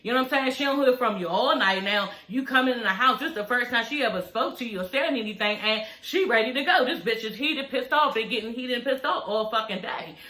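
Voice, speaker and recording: A woman giving a casual, animated recap of a reality show, talking in slang, swearing freely and acting out the quoted lines. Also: fairly high pitch, a little fast, hardly any pauses, reverberant, rough recording.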